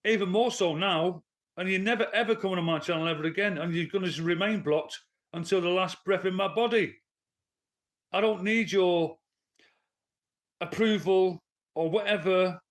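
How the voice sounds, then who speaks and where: Blunt male streamer, slightly high voice, swearing and ranting at chat from his lounge. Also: moderate pace, long pauses. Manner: blunt, profane, heated. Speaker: livestreamer and commentator. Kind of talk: live stream rant to chat. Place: his living room at home.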